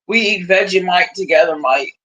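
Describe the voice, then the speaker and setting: A woman's voice: fairly low pitch, normal speed, fairly bright tone. A woman putting on a cheesy, playful Australian accent, playing a cheery Aussie woman chatting about her bloke. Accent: put-on Australian.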